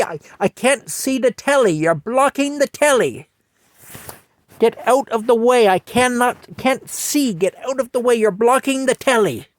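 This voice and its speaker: Guy putting on a way high shrill old british lady, bossy and cranky, dry close sound. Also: dry recording. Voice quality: shrill and insistent. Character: cranky older British woman, gloating and bossy.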